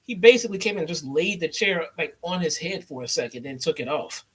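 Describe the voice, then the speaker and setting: A man's voice: fairly high pitch, fairly quick, fairly bright tone, husky. A young adult man from the Chicago area giving a loose, sarcastic and profane wrestling review. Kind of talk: casual profane recap.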